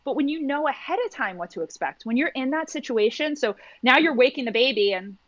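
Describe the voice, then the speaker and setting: A woman's voice: high-pitched, expressive, brisk, a bit bright, no echo, dull audio. A woman who works as a postpartum doula, talking in a podcast conversation and acting out little quoted exchanges as she explains.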